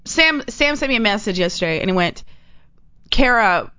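A woman co-hosts a talk show in loose, playful banter, teasing her partner and chatting freely. Her voice sits at an ordinary middle pitch. The recording sounds a little dull and lo-fi. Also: sing-song, fast talker, sharp tone, clear, resonant tone. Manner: playful, teasing, chatty, eats while talking. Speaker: radio show co-host. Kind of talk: casual on-air banter.

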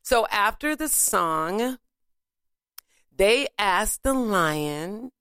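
A woman with a smooth, clear voice tells a story in an easy, conversational way, taking her time over each phrase. Her telling is lively, and she now and then slips into a few sung lines. The sound is close and dry. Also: medium pitch, very slow, pauses often, dry recording. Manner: animated retelling, breaking into sung snippets. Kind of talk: casual storytelling.

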